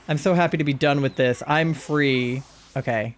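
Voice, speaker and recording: Young male streamer, excitable and gushing, slightly high and smooth voice, casual live commentary. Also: normal speed. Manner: gushing, excitable, coos at cute creatures.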